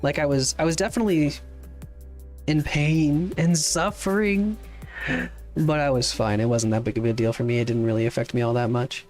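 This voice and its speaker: A male game streamer at an ordinary middle pitch, talking in a loose, rambling way and swearing casually. He answers viewer questions as they come in while he plays. Faint game music runs underneath. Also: quick pace, hardly any pauses, a little mellow.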